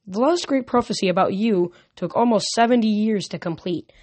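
A woman's voice: mid-range voice, brisk, darkish tone, no echo, voice pushed up, close to an everyday voice. A woman reading a storybook aloud, voicing a breezy, boastful male sun god with an upbeat manner.

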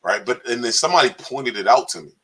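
A man's voice: medium pitch, quick pace, husky, rough recording. A man from Washington, D.C. with a local accent, chatting casually in slang and laughing often. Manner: laughs a lot, lively, slangy. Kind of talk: casual chat.

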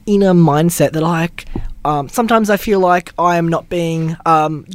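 A man's voice: a little high, normal speed. A man co-hosting a podcast, laid-back and joking as he recaps events in casual chat. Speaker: podcast co-host.

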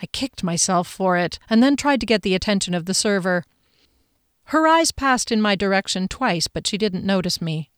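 A woman narrating a first-person audiobook in a measured, expressive way. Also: medium pitch, smooth, no room sound, studio quality.

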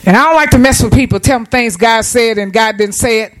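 Faint music plays behind a woman preacher whose voice is a bit high and fairly quick. She delivers an everyday, conversational sermon in church and invites the congregation to answer with amens, all captured on poor audio.

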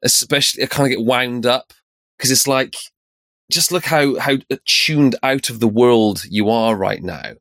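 A man's voice: mid-range voice, measured pace, a bit bright, dry recording. A man speaks as a podcast co-host, earnest and reflective in a casual chat. His voice sits in a middle range. The recording is dry and close. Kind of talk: casual conversation.

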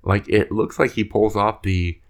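Deep voiced guy on a podcast, laid back, rambly. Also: unhurried. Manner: relaxed, rambling, trails off mid-sentence. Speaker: podcast co-host. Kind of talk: casual chat.

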